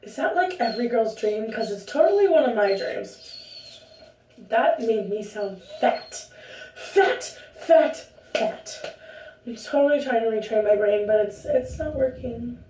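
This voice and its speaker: A woman's voice: on the high side, expressive, moderate pace, mellow, slight background noise. Chatty young woman in an echoey room. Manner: rambling, chatty, self-interrupting. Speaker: vlogger. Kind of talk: casual chat to camera. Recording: roomy echo, distant from the mic.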